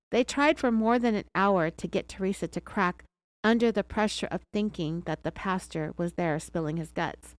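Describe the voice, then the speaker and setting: A woman's voice: mid-range voice, dry recording. Sarcastic American woman narrating true crime. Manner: sarcastic, chatty commentary. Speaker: podcast host.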